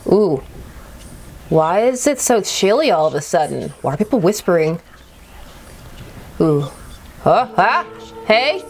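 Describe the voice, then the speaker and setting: A woman's voice: lowish voice, takes it slowly, pauses often, slight background noise. A woman playing through a game, reading its text aloud and joking about it. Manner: expressive, jokey reactions. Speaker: game playthrough host.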